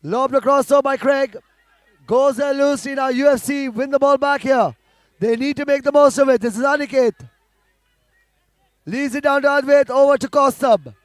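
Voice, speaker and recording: A man calls a football match live, rattling off passes quickly and breaking into shouts when goals go in. His voice is extremely high-pitched, and the recording is dry.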